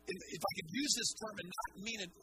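Male pastor preaching with a wildly swinging pitch. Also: huge pitch swings, quick pace. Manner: emphatic preaching with rhetorical questions. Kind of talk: sermon. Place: church before a large congregation. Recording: noisy live sermon recording.

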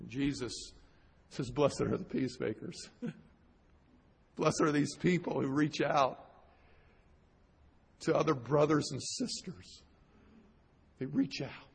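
A male pastor preaching a sermon, reading scripture slowly and with emphasis, with joking asides to the congregation. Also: on the high side, a bit bright, breathy edge. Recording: long hall reverb.

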